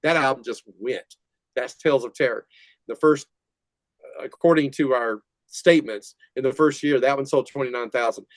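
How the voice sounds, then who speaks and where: A man's voice: medium pitch, normal speed, dry recording. Older guy rambling through old band stories, laughs a lot, dry close sound, mid voice. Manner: rambling, laughing, animated retelling. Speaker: guest, metal musician. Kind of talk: casual storytelling interview.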